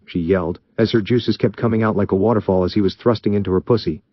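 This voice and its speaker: A man reading fan fiction aloud in steady, even narration. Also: fairly low pitch, fast talker, no room sound, lo-fi sound. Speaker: story reader.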